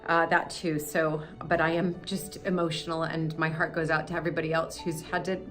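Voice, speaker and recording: A woman's voice: sits low, little pitch movement, brisk, a bit bright, soft background music. An American woman hosting a vlog, talking in an emotional, rambling way while filming in a manor house cellar. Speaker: vlog host. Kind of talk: casual vlog talk. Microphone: handheld camera she is filming with.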